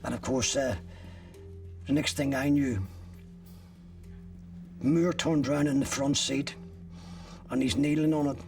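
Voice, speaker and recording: A man's voice: medium pitch, fairly even intonation, takes it slowly, long pauses, darkish tone, far from the mic, faint music behind. An older man from Ireland bluntly retelling his own arrest in vivid first-person detail, swearing freely. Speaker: interviewee recounting his arrest.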